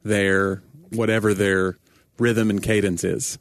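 A man who is a stand-up comedian from the South, talking casually in a rambling, self-deprecating way with quick asides. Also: lowish voice, level tone, no room sound, clean studio sound. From Southern United States. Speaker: stand-up comedian, podcast guest. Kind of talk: casual conversation.

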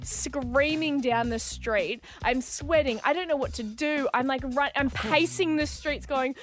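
A young Australian woman co-hosting a radio show, telling a story in an animated, breathless way with laughs. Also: high-pitched, moderate pace, faint music behind. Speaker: radio co-host. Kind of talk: casual radio chat.

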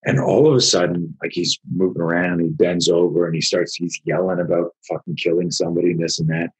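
Older guy, deep husky voice, swearing a lot while he tells a story, acts out the quotes. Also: fairly quick, poor audio. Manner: animated, profane, acts out quotes. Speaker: martial arts instructor and guest storyteller. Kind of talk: casual storytelling in conversation.

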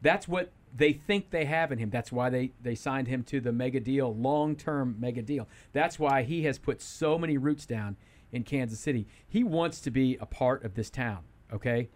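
A man in a radio studio holds forth about football at a middle pitch, circling back and restarting his sentences as he makes his point. His talk is casual, emphatic and a little rambling. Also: moderate pace. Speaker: sports radio regular.

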